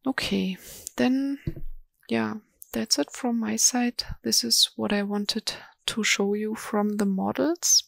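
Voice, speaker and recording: Female webinar presenter, halting and monotone, dry sound with mouse clicks. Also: a little high, gravelly, no echo. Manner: slow, hesitant, many ums and restarts. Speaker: software presenter. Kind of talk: live software demo webinar.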